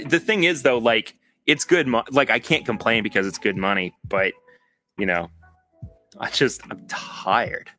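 A man's voice: on the low side, bright, forceful tone. A man hosting a podcast, chatting casually with live viewers. He says he is tired, and he rambles and corrects himself often. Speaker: podcast host.

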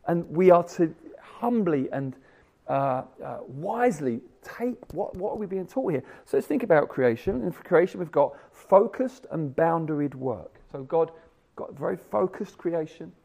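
A man preaching a sermon in a gravelly voice that sits a little high. His delivery is animated, with a wide-ranging pitch. He swings between loud emphasis and hushed, almost whispered asides. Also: a little slow.

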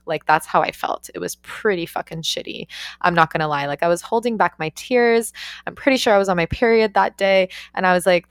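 A woman's voice: fairly low pitch, moderate pace, clean tone, no echo, clean studio sound. A young woman who works on yacht crew, telling a story casually with lots of swearing and "like" fillers. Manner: profane, animated, frequent "like" fillers.

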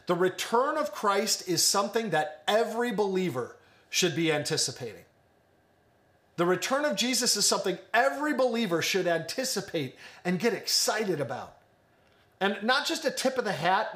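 A man's voice: sits high, fairly bright tone. A young man preaching an earnest online sermon, building emphasis through repetition. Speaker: pastor.

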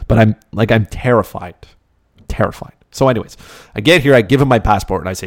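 A Canadian podcast host, talking in a rambling, conversational way with lots of fillers. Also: male voice, lowish voice, lively intonation, a little fast, dry recording, studio quality. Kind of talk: casual monologue.

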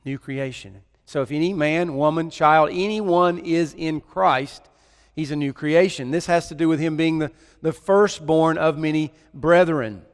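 A man preaching a sermon to his congregation, with a deliberate, emphatic delivery and repeated words for stress. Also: on the high side, long reverb tail.

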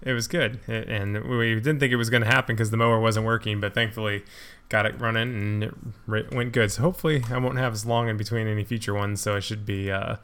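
A young man hosting a podcast, reading a brisk intro and then chatting casually. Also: lowish voice, fairly even intonation, fairly bright tone, smooth. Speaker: podcast host. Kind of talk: casual chat.

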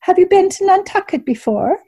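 A woman's voice: very high voice, big pitch swings, normal speed, dark tone, pitched above the performer's own voice, full character voice. A woman voicing an older woman innkeeper who speaks in a proper, precise way, in a storybook reading. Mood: gracious.

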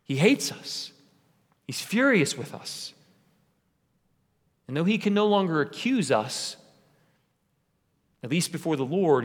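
Impassioned preacher in a reverberant sanctuary. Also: male voice, mid-range voice. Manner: impassioned, repetitive preaching cadence. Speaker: pastor. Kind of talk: sermon. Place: church sanctuary.

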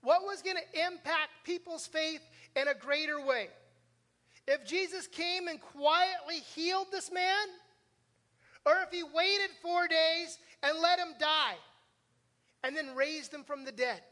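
Male pastor, high bright voice, chatty sermon with lots of rhetorical "right?", long hall reverb. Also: measured pace. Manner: conversational, asks the congregation questions with frequent "right?"; self-deprecating humor.

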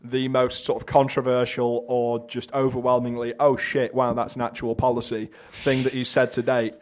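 A young man co-hosting live comedy, excitable and sweary, often stammering mid-sentence. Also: medium pitch. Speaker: comedy co-host.

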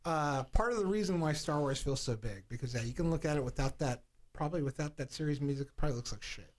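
A man's voice: a little high, quick pace. A man co-hosting a podcast, chatting casually and animatedly, swearing often and acting out lines as he retells a story. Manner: animated, profane storytelling, acts out movie lines. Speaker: podcast co-host. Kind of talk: casual chat.

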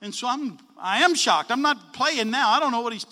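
A man telling a story in a sermon, animated, acting out the dialogue with changes of voice. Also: extremely high pitch, a little fast, in a large hall. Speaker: preacher.

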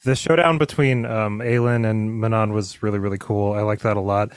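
A man co-hosting a casual book discussion, rambling with lots of fillers and restarts and slipping into animated impressions of characters. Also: lowish voice, fairly quick, clean tone, no room sound, clean studio sound. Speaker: podcast co-host.

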